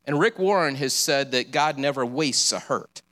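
A man's voice: medium pitch, normal speed, a bit bright. A man preaching a sermon, earnest and encouraging, with casual asides.

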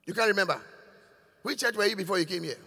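A man's voice: high-pitched, fast, bright, forceful tone, husky. An older man, a bishop preaching to his congregation, questioning and scolding them in call-and-response. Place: large church hall. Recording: long reverb of a church hall.

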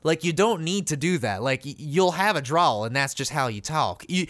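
A man co-hosting a podcast in casual, animated chat, swearing and laughing often. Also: on the high side, normal speed, few pauses. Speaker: podcast co-host.

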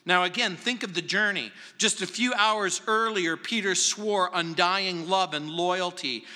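A male pastor delivers an emphatic sermon, slow and deliberate, in a high, sharp voice. His words ring out with a long reverb, as if filling a church hall. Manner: emphatic preaching, drops to hushed tones.

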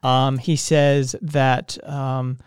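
Male solo podcast host, sleepy and meandering, mid-pitched resonant voice, dry close mic, casual cursing. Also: flat delivery, very slow, clean tone, dry recording. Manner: meandering, frequent fillers and restarts, swears casually. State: tired, yawning. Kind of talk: casual rambling monologue.

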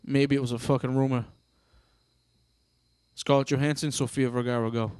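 A man's voice: mid-range voice, level tone, moderate pace, darkish tone, clean tone, no echo. Male podcast co-host, profane and blunt, dry close sound. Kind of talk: casual crude banter.

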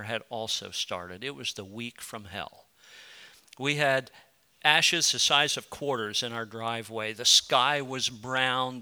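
Male pastor, middle-aged, bright smooth voice, impassioned sermon delivery. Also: mid-range voice. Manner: impassioned pleading, then quiet storytelling.

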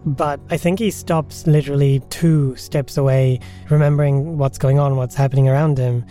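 Brief: deliberate, thoughtful male player, mid pitch. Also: fairly even intonation, dark tone, soft background music. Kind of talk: casual tabletop play.

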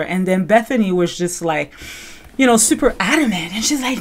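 A woman's voice: on the low side, animated, fairly quick. A woman hosting a podcast, giving rambling casual commentary full of fillers and self-corrections. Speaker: podcast host.

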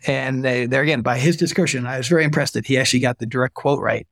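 Gravelly-voiced man telling stories. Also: mid-range voice, fast, no echo, studio quality. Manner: animated storyteller, acts out quoted voices. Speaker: guest, retired army physician. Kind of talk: conversational storytelling interview.

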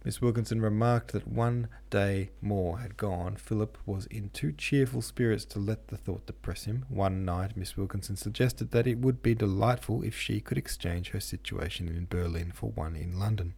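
A man narrating a classic novel in a measured, steady reading. His voice sits low, with a husky edge and a dark, mellow tone. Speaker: podcast host and audiobook reader.

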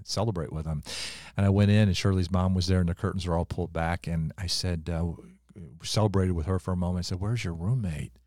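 An older man, a pastor, telling a personal testimony in a lively storytelling way and acting out other voices. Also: sits low, no echo, studio quality. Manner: animated, acts out quoted voices.

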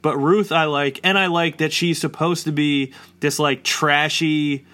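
A man's voice: fairly high pitch, steady tone, measured pace, pushed and bright. A man around forty chatting casually and rambling, with lots of "like" fillers. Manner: rambling, heavy use of "like" fillers. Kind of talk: casual chat.

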